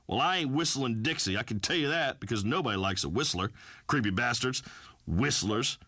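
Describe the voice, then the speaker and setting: A blustering redneck radio host. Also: male voice, medium pitch, expressive, brisk, bright, forceful tone, no room sound, clean studio sound. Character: brash redneck male farmer radio host, bombastic. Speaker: radio talk show host. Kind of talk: comic talk radio acting.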